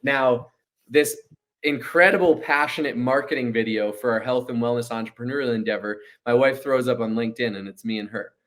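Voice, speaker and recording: A man in his thirties, a guest entrepreneur telling a story in a casual interview, animated and acting out what people said. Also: medium pitch, fairly quick.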